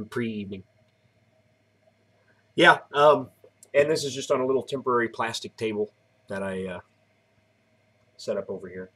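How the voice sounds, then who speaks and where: A man's voice: mid-range voice, moderate pace, pauses often, a bit bright, slightly rough. A tired man in his thirties chatting casually on a live stream, rambling as he explains each step. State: tired, yawning.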